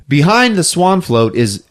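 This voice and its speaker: A man hosting a podcast, recapping a film in casual chat, laughing often and acting out the characters. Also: a little high. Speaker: podcast host.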